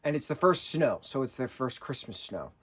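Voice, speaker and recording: A man's voice: mid-range voice, big pitch swings, normal speed, fairly bright tone, slightly rough. Rambling casual man reviewing a cartoon. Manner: rambling, hesitant, with many restarts and fillers. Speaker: vlogger reviewing a TV special.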